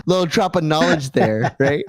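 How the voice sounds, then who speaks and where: A man's voice: a little high, moderate pace, crowd noise. A man co-hosting a podcast, telling crude stories in casual chat, cursing freely and filling his talk with "like". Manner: animated, profane storytelling full of "like". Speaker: podcast co-host.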